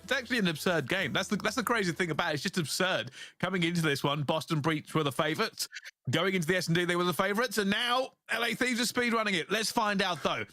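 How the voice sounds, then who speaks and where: A man doing esports analysis, animated and laughing often. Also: high-pitched, fast talker, no echo, soft background music. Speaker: esports caster. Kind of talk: analyst commentary.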